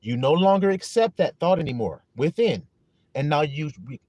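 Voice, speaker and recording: Male livestream preacher, emphatic, animated pitch, dry close recording. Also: moderate pace, dry recording. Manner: emphatic, repeats questions to listeners; greets viewers in chat. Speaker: preacher on a live stream. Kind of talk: livestream sermon.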